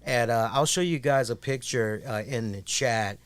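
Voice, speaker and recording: A man co-hosting a podcast who tells stories in a casual, animated way and swears constantly. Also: medium pitch, normal speed, clear, resonant tone. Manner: heavy swearing, animated storytelling. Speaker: podcast co-host. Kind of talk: casual chat.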